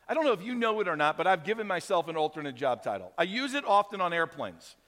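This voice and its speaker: A man in his fifties preaches a sermon, his high, bright voice carrying through a large reverberant hall. He tells stories in a lively way and acts out the voices of the people in them. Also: fast talker. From America. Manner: animated storyteller acting out voices. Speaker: pastor. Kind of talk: sermon storytelling.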